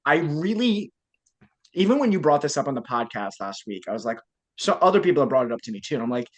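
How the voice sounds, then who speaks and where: A man co-hosting a casual wrestling podcast, talking enthusiastically in quick bursts. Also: on the high side, sing-song, low-quality recording. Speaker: podcast co-host. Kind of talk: casual wrestling review chat.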